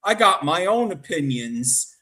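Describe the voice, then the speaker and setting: A man hosting a casual talk radio chat, slow, chatty and rambling. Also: a little high, sing-song, pushed and bright. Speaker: host.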